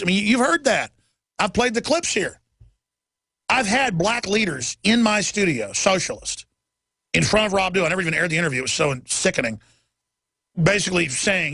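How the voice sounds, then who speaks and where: Man, radio host, political rant, emphatic, bright sharp tone, gravelly. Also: sits high, expressive, dry recording. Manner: urgent, emphatic ranting with rapid-fire lists.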